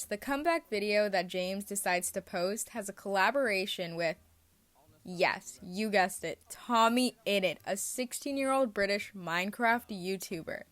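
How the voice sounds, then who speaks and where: A woman's voice: medium pitch, sharp tone. Young woman doing commentary voice-over. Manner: indignant, calling out; rambling, stuttering outro. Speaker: commentary YouTuber.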